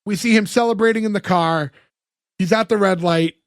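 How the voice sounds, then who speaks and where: High-voiced man recapping a sitcom. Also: dry recording, clean studio sound. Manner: recounts scenes with quick acted-out quotes. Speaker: podcast co-host. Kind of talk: casual chat recapping a sitcom episode.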